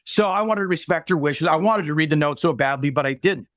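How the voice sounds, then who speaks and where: A man, a musician, telling a moving story in an interview, earnest, halting, with many restarts, choked up near tears. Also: a little high, a bit bright, no echo. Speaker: musician guest.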